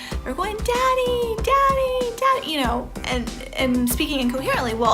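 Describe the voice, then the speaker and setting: A woman in her thirties giving a chatty, rambling reaction commentary as a vlogger, full of "you know" fillers. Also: on the high side. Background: background music.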